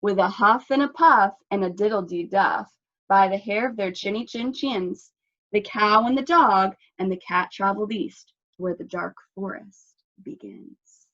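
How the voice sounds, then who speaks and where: At children's story time, a woman librarian reads a picture book aloud expressively, stopping to ask the kids questions. Her voice is mid-range and unhurried, and the recording is dull and lo-fi.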